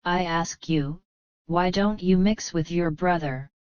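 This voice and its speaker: A woman's voice: fairly low pitch, takes it slowly, a little mellow, smooth, no room sound. A woman reading the lines of a cheeky, mischievous young male martial hero in a plain storybook voice. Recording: slightly dull, muffled.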